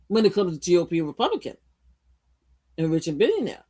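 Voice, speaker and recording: A woman from Brooklyn hosting a casual political livestream, blunt and profane, swinging between loud outbursts and quiet asides. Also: fairly low pitch, huge pitch swings, fairly quick, long pauses, breathy edge. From Brooklyn, USA. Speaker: livestream host. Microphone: streaming mic.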